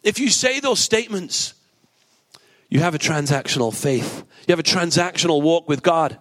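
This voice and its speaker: A man's voice: on the high side, lively intonation, moderate pace, a bit bright. Man preaching in a conversational tone. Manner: conversational preaching, rhetorical questions, emphatic repetition. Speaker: pastor. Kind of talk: sermon.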